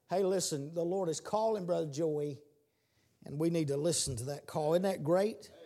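A man preaching a sermon, repeating his words and building to shouted calls. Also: fairly high pitch.

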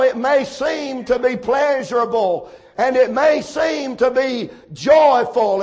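A male pastor praying and then preaching a sermon, slow and deliberate, repeating phrases and rising to shouted emphasis. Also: very high-pitched. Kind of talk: sermon with opening prayer.

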